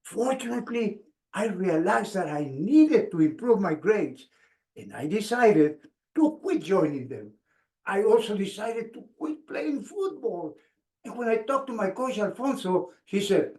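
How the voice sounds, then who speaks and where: A man, giving an expressive motivational speech with dramatic pauses. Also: high-pitched. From Mexico. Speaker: speaker. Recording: echoey room.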